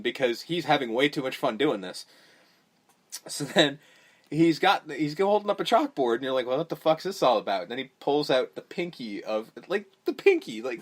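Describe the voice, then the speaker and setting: A man hosting a podcast, recapping a horror movie in casual, profane chat and acting out characters' lines as he goes. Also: on the high side. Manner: animated, profane, mimics characters mid-story. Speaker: podcast host.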